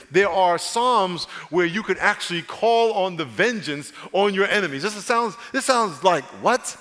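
A man, a pastor, preaching an animated sermon and calling the congregation to repeat phrases back. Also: sits high, in a large hall. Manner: animated preaching with call-and-response.

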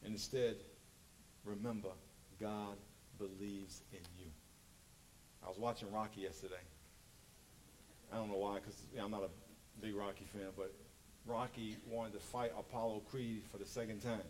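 A man preaching a sermon as pastor, animated and joking, acting out quotes. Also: fairly low pitch, moderate pace, pauses often, slight background noise, poor audio.

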